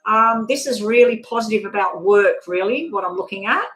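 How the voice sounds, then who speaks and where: Doing a tarot reading on a live stream, a woman speaks at a moderate pace in a mid-range, fairly bright voice, with soft music behind her. She chats casually, laughs a lot and occasionally swears, and the sound has a roomy echo.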